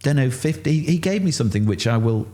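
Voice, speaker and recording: A middle-aged man with a Yorkshire accent, telling his story candidly in an interview and acting out what others said. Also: quick pace. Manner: animated, acts out quotes with rising pitch. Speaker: interview guest.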